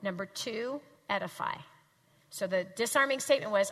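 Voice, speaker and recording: A woman teaching a live audience in a faith-based talk, emphatic and animated, often having the crowd repeat lines after her. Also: medium pitch, normal speed. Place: large hall with audience. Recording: long hall reverb.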